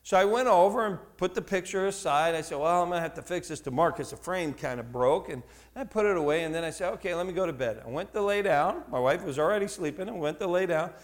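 A middle-aged male pastor telling a story in a sermon, asking the congregation questions and shouting for emphasis. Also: high voice, animated, fast talker, hardly any pauses. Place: church before a congregation.

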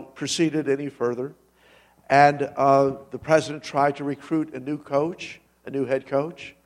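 A man preaching a sermon in a church, telling a story with animated delivery and sudden loud rises. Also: a little high. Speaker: pastor.

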